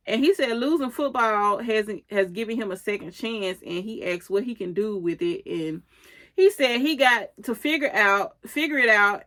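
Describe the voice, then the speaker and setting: A woman's voice: mid-range voice, a bit bright. Casual woman recapping a TV episode. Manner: loose retelling with many "and he said" links and quoted lines. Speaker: recap host.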